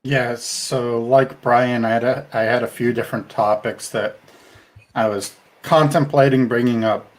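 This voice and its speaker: A man co-hosting a podcast, talking in a thoughtful, measured way with frequent restarts. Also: medium pitch, fairly even intonation. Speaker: podcast co-host. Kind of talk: casual podcast discussion.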